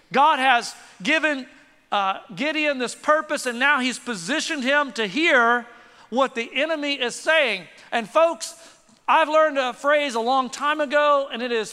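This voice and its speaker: A man preaching a lively sermon with quick asides, leading the congregation in call and response. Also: very high-pitched. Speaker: pastor. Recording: reverberant church hall.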